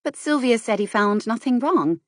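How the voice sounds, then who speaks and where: A woman voicing an anxious, impulsive young woman who asks quick, questioning things, for an audiobook. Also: fairly high pitch, lively intonation, no echo, clean studio sound, pitched above the performer's own voice, natural voice.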